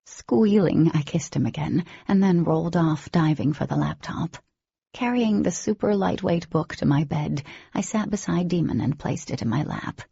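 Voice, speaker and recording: A woman narrating an audiobook in first person, with an expressive reading and a husky, creaky voice. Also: low-pitched, moderate pace, dry recording, lo-fi sound.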